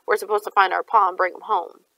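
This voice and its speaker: Brief: woman narrator voicing an anxious teen girl, snappy and clipped, gravelly edge. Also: a little high, animated, brisk, no echo, pitched above the performer's own voice, low-quality recording. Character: nervous teenage girl, sharp-tongued. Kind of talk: audiobook character voice.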